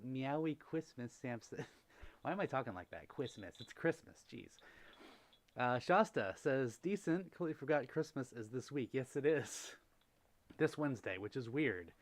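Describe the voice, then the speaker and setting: A young man hosting a holiday livestream in a casual, gushing way, reading out and answering chat messages. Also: medium pitch. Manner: gushing, softly animated, reads out chat messages. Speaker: livestream host.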